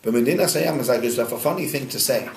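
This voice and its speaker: Man, rabbi, Talmud class, questioning, lively, roomy hall. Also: mid-range voice, quick pace, creaky, slight background noise. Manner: questioning, quizzes students, lively. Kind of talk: interactive Talmud lesson. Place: study hall with students. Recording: echoey study hall.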